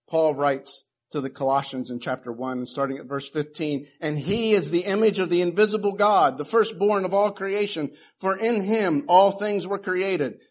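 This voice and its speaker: A pastor with a high voice delivers a sermon, building emphatic declarations and then dropping into relaxed, conversational asides. The sound is slightly dull and lo-fi. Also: male voice.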